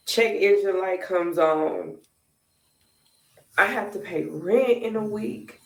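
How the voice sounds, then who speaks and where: A woman's voice: medium pitch, slow pace, creaky, pauses often, a bit bright, a little hiss or hum. A woman venting to viewers about money troubles, sick and close to tears, frustrated and complaining. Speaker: vlogger in a played clip. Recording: roomy, distant mic.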